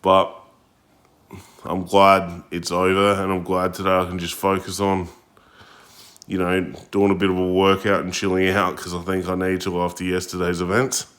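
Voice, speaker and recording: Aussie bloke vlogging, super low voice, pretty monotone, blunt and chill. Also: male voice, moderate pace. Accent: Australian. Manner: blunt, laid-back, swears casually. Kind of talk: casual storytelling.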